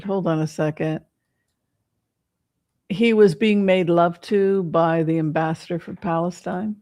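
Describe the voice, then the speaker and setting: A tarot reader hosts a casual stream, talking in a meandering, halting way, full of "um"s and restarts. The voice sits at a middle pitch. The sound is dry, with no room echo. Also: fairly even intonation, darkish tone. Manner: rambling, hesitant, many fillers and restarts. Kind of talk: casual livestream commentary with tarot reading.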